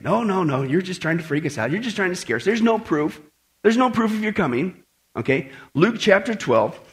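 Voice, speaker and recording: Emphatic preacher man, high and lively. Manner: emphatic, talks straight to the congregation with frequent "right?" and "folks". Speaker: pastor. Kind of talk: sermon.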